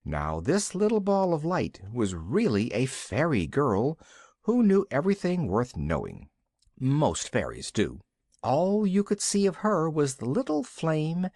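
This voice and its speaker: A man narrating a children's bedtime story in a gentle, scripted storybook reading. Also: mid-range voice, dry recording, clean studio sound.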